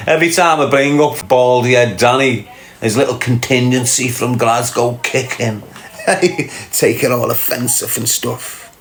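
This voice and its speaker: A man's voice: medium pitch, roomy sound. A man hosting a casual livestream, answering chat comments with brash, sweary, mocking banter.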